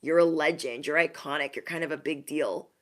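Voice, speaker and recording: A woman giving a casual tarot reading to her viewers, sassy and emphatic, repeating lines for effect. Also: brisk. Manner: mocks others in high put-on voices. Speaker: tarot reader.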